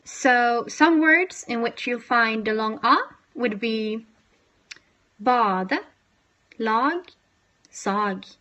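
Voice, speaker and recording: A woman's voice: a little high, pushed and bright. Chatty young woman teaching. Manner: chatty, self-deprecating, slows down to demonstrate sounds. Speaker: language teacher. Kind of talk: casual explanatory lesson.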